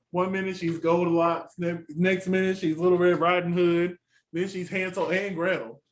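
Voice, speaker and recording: A man's voice: high-pitched, measured pace, low-quality recording. Chatty man reviewing a TV show. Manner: chatty and animated, laughs often, quotes reactions. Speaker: co-host reviewing a TV competition. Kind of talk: casual review chat.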